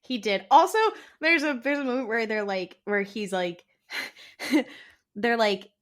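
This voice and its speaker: A young adult woman co-hosting a casual podcast, giggly and excitable, often quoting the characters. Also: a little high, measured pace. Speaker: podcast co-host. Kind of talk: casual rewatch podcast chat.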